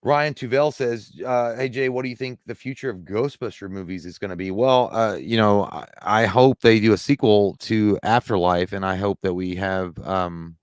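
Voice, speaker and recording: Low-voiced man rambling through live chat. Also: moderate pace, few pauses, smooth, no room sound. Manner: loose, profane, rambling answers to chat. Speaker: live show co-host reading chat. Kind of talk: casual live-stream chat.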